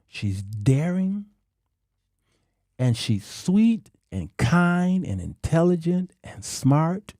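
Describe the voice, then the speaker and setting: A middle-aged man talks to men in a slow, emphatic, sermon-like monologue, stretching his words and pausing for effect. His voice is gravelly and dark, recorded close and dry. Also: medium pitch, sing-song, no room sound. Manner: slow, emphatic, drawn-out delivery with dramatic pauses. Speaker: talk show host.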